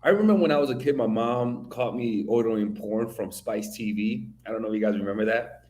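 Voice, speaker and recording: A man's voice: lowish voice, a little fast. Male commentator from the Dominican Republic, blunt and profane, on a roomy, echoey recording. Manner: blunt, profane, animated storytelling. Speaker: video commentator. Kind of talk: opinion commentary monologue.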